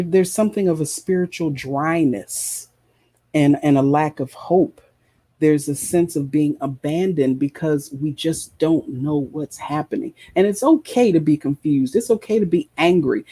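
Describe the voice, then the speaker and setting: A preacher delivers an emphatic sermon, driving his points home through repetition. His voice is husky and mellow, sitting a little higher than most men's. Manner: impassioned, emphatic, repeats phrases. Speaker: preacher and show host.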